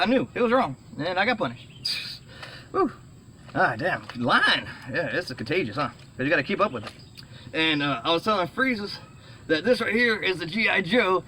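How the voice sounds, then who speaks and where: A middle-aged man rambling excitedly in a casual vlog, full of fillers and restarts, saying he is sweating. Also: high voice, slight background noise. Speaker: vlogger.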